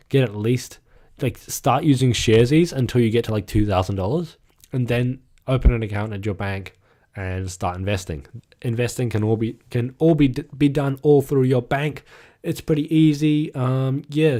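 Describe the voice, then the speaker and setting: A man's voice: mid-range voice, warm tone. A young man hosting his own podcast alone, talking casually and rambling, with lots of fillers and casual swearing, a bit of a cough coming on. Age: young adult. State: getting a cough. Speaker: podcast host. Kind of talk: casual solo podcast talk. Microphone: microphone.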